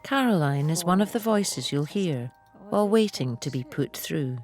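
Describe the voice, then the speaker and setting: Woman, documentary narrator, calm and personal, music behind. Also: low voice, moderate pace.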